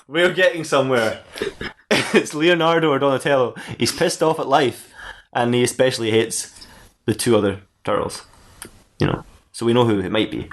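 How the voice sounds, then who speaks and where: Podcast co-host, man, rambling comic storyteller with mid-range pitch. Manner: rambling, joking, laughing at his own story. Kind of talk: reading comic fan fiction aloud.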